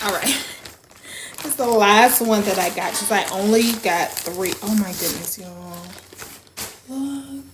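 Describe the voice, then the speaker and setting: Slow-talking woman gushing over fabric. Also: mid-range voice. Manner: gushing, repeats herself, drops into soft whispers. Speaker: small business owner and vlogger. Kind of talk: casual unboxing vlog. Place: room at home. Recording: echoey room with faint noise.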